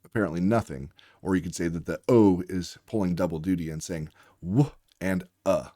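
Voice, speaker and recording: A man with a deep, low voice explains reading lessons like a tutor, patiently breaking words into their sounds one by one. The recording is close and dry, with no room echo. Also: normal speed, warm tone. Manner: patient, walks through sounds letter by letter.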